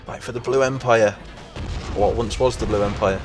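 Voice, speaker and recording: A young man giving casual, excitable commentary over a war strategy game as the channel's host, reacting aloud to the fighting. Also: lowish voice, normal speed. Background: game music and gunfire.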